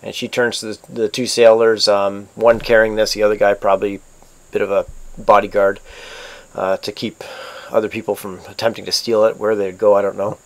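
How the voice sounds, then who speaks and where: A man with a lowish voice narrates as game master over online voice chat. He talks haltingly, with plenty of fillers and restarts as he describes the scene. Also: level tone.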